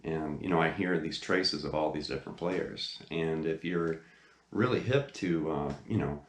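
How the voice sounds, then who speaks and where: A man with an extremely low voice talks casually into a camera from his chair, hosting a guitar lesson. He rambles with excitement, full of "you know" and "uh". The room gives his voice a noticeable echo. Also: a little slow. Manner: enthusiastic, rambling with many fillers. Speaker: guitar teacher, channel host. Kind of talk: casual video lesson talk. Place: indoor room, seated facing camera.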